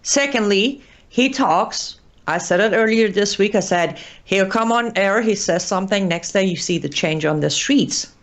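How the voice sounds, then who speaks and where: A woman's voice: mid-range voice, normal speed. A woman from Iran hosting an online show, giving earnest, pleading political commentary while exhausted and short on sleep.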